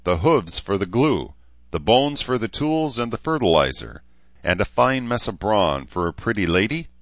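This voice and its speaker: A man's voice: fairly low pitch, very animated, normal speed, no room sound, dull audio, voice pushed up. A man doing a hearty voiced rogue.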